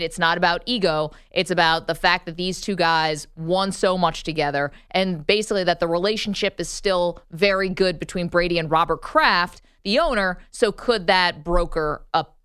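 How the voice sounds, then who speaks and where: A woman's voice: fairly low pitch, a bit bright, clean tone, no echo, studio quality. A woman co-hosting a sports talk show, giving opinionated takes in a casual debate. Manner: opinionated, argues points with laughs.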